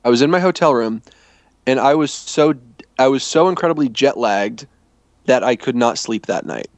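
A man's voice: mid-range voice, expressive, moderate pace, dry recording. A man talks his way through a travel mishap, circling back and restarting his sentences as he goes. The sound is dry and close, with no room around it. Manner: rambling, self-correcting storytelling. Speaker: storyteller in a chat. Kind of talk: casual chat.

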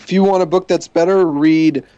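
A man's voice: fairly high pitch, steady tone, moderate pace, warm tone, dry recording, muffled recording. Dry-voiced man reading listener emails. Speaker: podcast host. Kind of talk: casual livestream chat, reading emails.

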